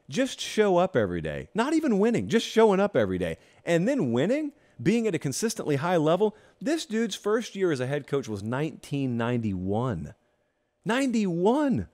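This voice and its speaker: Guy hosting a college football show, ranting w/ sarcastic asides, voice jumps all over. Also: fairly high pitch. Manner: animated, emphatic, sarcastic asides. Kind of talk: opinionated sports talk monologue.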